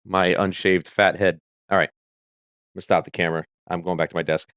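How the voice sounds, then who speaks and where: A man from the United States hosts a casual livestream, wandering from point to point with plenty of fillers and restarts. His voice sits low. The audio is dry and a little dull, like a home streaming setup. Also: flat delivery, normal speed, a bit bright, smooth, no echo. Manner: rambling, chatty, with fillers and self-corrections. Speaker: livestream host. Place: home room with a kitchen corner.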